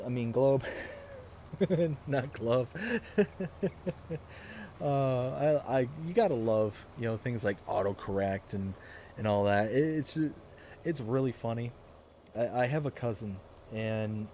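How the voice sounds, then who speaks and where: A man's voice: medium pitch, warm tone, a little hiss or hum. A man hosting a live stream of a farming game, chatting casually, reading viewer comments aloud and rambling through stories with frequent laughs. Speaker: livestream host playing a farming game. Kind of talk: casual livestream chat.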